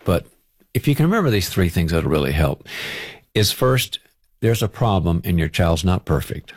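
A man, a parenting author, giving calm, direct and practical advice as a guest on a talk show. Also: low voice, normal speed, dry recording.

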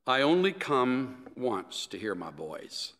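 A preacher quoting a wise old professor. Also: male voice, medium pitch, sing-song, takes it slowly, fairly bright tone, full character voice. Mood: gentle, earnest. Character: gentle elderly male seminary professor, wise. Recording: echoey hall.

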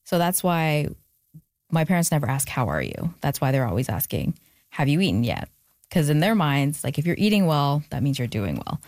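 Low-voiced woman, reflective author guest. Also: very animated, moderate pace, a little mellow, no echo. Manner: reflective, speaks with many fillers and restarts. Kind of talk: candid conversational interview.

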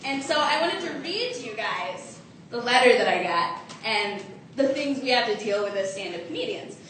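A woman's voice: on the high side, big pitch swings, moderate pace, a bit bright, very echoey, far from the mic, a little hiss or hum. A woman in her twenties doing a self-mocking stand-up comedy set. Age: 20s.

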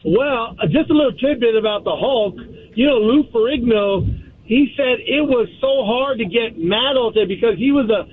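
High-voiced male caller on a phone line. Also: normal speed, a little hiss or hum. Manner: friendly, easygoing. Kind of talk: call-in radio talk. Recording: husky voice over a tinny phone line.

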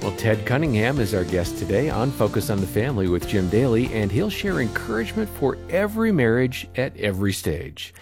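A man co-hosting a radio show, reading smooth scripted introductions. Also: on the low side, very animated, fairly quick, hardly any pauses. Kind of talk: radio announcing. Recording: music bed under the voice.

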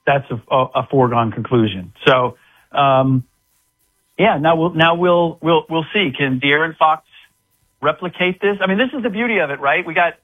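A man's voice: a little high, normal speed, slightly rough. A man, a guest sports analyst, chatting casually about basketball with many restarts and fillers. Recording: tinny phone line.

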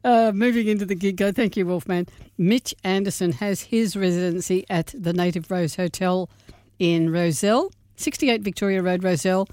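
A woman's voice: on the low side, normal speed, no echo, studio quality. A woman co-hosting a community radio show, chatty and rambling, reading out a gig guide. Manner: chatty, warm-hearted, rambling asides. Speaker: radio co-host. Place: radio studio.

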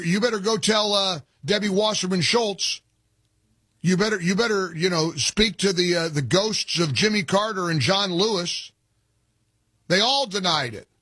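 A man's voice: on the high side, fairly bright tone, breathy edge, no echo, studio quality. A man hosting a call-in talk radio show, combative and sarcastic as he reads listener texts and rails against opponents.

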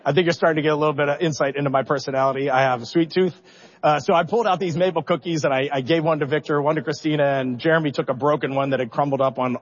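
A middle-aged man, a spacecraft commander, telling stories in a public interview, animated and self-deprecating, acting out his own reactions and at times holding back tears. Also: a little high, muffled recording.

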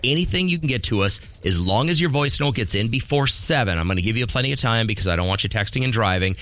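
A man's voice: mid-range voice, expressive, quick pace, fairly bright tone, faint music behind. A man hosting a morning radio show, upbeat and joking as he chats with callers and runs a contest. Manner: upbeat, joking, promo-style. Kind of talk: casual radio banter.

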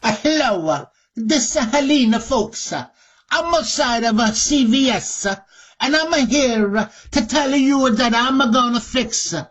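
A man putting on the high voice of a fumbling woman reporter, halting on every word. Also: expressive, a bit bright, husky, lo-fi sound, heavily acted. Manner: halting, full of uhs.

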